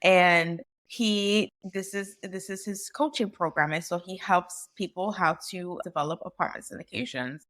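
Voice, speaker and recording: A woman in her thirties, a physician guest, talking through a personal story in an animated, conversational way with frequent "like" and "right?". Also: lowish voice, normal speed, hardly any pauses. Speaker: physician and real estate investor guest. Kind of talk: casual podcast storytelling.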